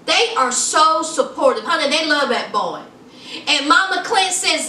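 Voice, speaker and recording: Sassy high-voiced woman gossiping. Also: animated, a little slow, sharp tone, recorded from a distance, slight background noise. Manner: sassy, gossipy, teasing, calls viewers "child" and "honey". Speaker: reality TV reviewer. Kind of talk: casual TV recap vlog. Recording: echoey room, mic set back.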